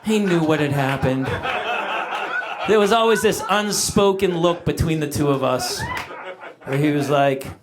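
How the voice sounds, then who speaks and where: A middle-aged male comedian telling an animated story on a live stage, shouting out the voices of himself and his dog. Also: on the high side, unhurried, long pauses, crowd noise. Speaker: stand-up comedian. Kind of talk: stand-up comedy set. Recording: live stage recording with audience noise. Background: audience laughter.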